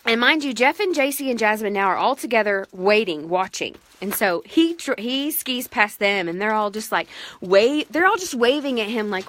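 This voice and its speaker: A woman and mother telling a family story to the camera in a casual, animated, self-mocking way. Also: on the high side, moderate pace.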